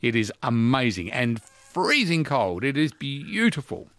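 Lively radio quiz host. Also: male voice, medium pitch, measured pace, dry recording, soft background music. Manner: chatty, teasing, enthusiastic. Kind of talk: casual talkback radio quiz.

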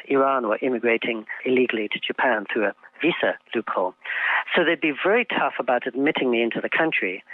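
A man's voice: medium pitch, no room sound. An older man from England talks through an interview in a thoughtful, articulate way, with frequent ums as he gathers his thoughts. His voice comes through a tinny, narrow phone line. The sound is dry, with no room around it. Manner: thoughtful, articulate, halting with fillers. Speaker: interview guest. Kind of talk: reflective interview conversation.

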